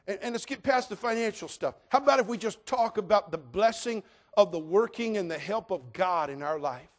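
Folksy high-voiced preacher. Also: male voice, lively intonation, fairly quick. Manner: folksy preaching with jokes, shifts between shouting and hushed asides. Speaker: pastor. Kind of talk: sermon.

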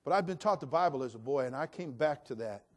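A man in his sixties from California preaching a sermon, swinging between loud, emphatic build-ups and soft, low asides. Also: expressive, quick pace.

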